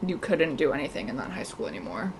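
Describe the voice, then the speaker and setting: Young female co-host, animated and bright, light background noise. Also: deep voice, quick pace, vocal fry. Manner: animated, swearing, bursts of laughter. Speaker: podcast co-host. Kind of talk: casual chat.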